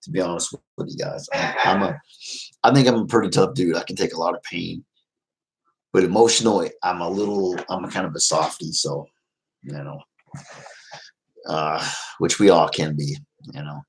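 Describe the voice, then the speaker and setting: A man's voice: low-pitched, normal speed, gravelly, pauses often, rough recording. A man casually chatting to viewers on a livestream, rambling and heartfelt, with many fillers. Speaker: vlogger reading live chat.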